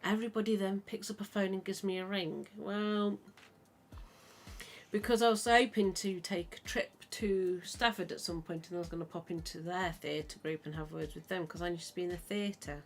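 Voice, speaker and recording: A woman's voice: lowish voice, fairly even intonation, normal speed, slight background noise. Chatty woman podcast host. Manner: chatty, rambling storyteller. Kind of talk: casual chat.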